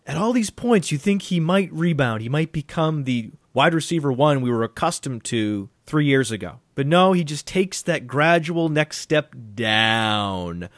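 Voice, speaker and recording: A man hosting a fantasy football talk show, animated, swinging his pitch widely for emphasis and laughing easily. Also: moderate pace, no echo. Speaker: podcast host.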